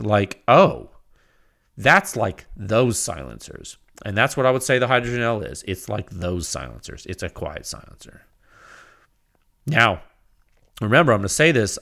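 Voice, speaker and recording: A man hosting a casual solo podcast, rambling and animated, with frequent restarts, laughs and acted-out quoted exchanges. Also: medium pitch. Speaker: podcast host.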